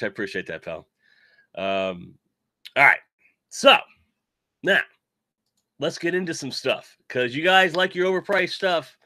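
A man running a relaxed toy-collecting live stream talks in a voice still sick from covid, wandering off topic and teasing himself while reading out chat messages. He has a mid-range, bright, forceful tone, captured in clean studio sound with no room noise.

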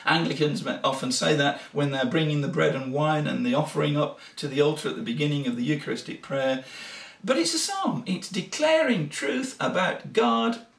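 A man's voice: a little high, moderate pace, vocal fry. A man giving an earnest, explanatory teaching talk on worship music. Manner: earnest, explanatory, breaks into sung examples. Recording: echoey room from a distant mic, faint guitar.

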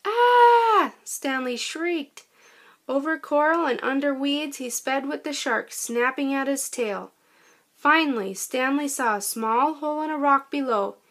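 High-voiced woman reading a kids' story. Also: measured pace. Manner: gentle, expressive storytelling. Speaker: storybook narrator. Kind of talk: children's storybook read-aloud.

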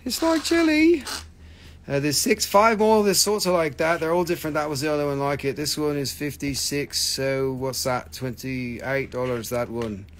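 A man's voice: medium pitch, moderate pace, hardly any pauses. Joking man selling gems live. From United States. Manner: joking, rambling, swears. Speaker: live-stream gem seller. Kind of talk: casual live sales chat.

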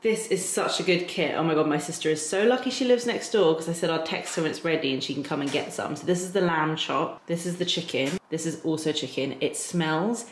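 A woman in her thirties vlogs from her home with a low voice and a chatty, excitable flow, leaning on "like" as she talks. The handheld camera catches a roomy, echoing kitchen. Steady household noise runs underneath. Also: brisk, hardly any pauses. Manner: chatty and excitable, with lots of filler "like". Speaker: lifestyle vlogger. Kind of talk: casual vlog chat to camera. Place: home, kitchen and upstairs rooms.

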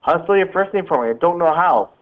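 Guy reading as a surly rude grubby kid, quieter, tinny. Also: a little high, expressive, a little fast, close to an everyday voice. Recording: tinny phone-like sound.

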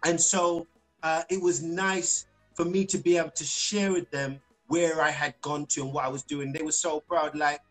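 A man's voice: a little high, little pitch movement, moderate pace, a bit bright, soft background music, rough recording. A man, a singer, chatting as a guest in a live-streamed interview, telling stories with laughter and repeated phrases. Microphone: video call.

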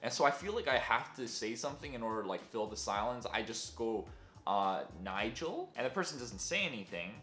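A young man tells a story in a casual, self-deprecating way, with lots of fillers. His voice swings lively and sounds bright. The room is echoey, with faint music behind. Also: medium pitch, quick pace, hardly any pauses. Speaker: vlogger.

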